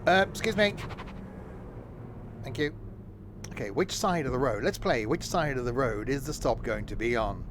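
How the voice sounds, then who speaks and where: A man's voice: medium pitch, lively intonation, moderate pace, pauses often. Chatty man with game noise. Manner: chatty, rambling, self-mocking. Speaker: gaming streamer. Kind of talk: casual gameplay commentary.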